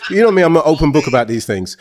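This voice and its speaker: A man's voice: fairly high pitch, sing-song, rapid-fire, slight background noise. A man hosting a show, telling a frank personal story in a blunt, rambling, casual way.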